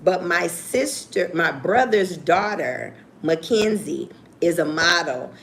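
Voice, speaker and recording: Gravelly-voiced, blunt woman storyteller. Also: lowish voice, animated, takes it slowly, a bit bright, a little hiss or hum. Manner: blunt, profane, laughing storyteller; talks straight to viewers. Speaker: livestream host. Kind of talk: casual storytelling chat.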